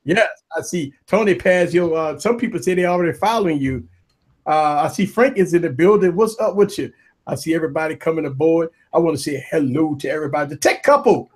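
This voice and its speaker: A man hosting a live tech talk stream, giving loud shout-outs to viewers and panelists in casual, hyped chat. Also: a little high, quick pace. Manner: hype, repetitive shout-outs, animated. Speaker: livestream tech show host.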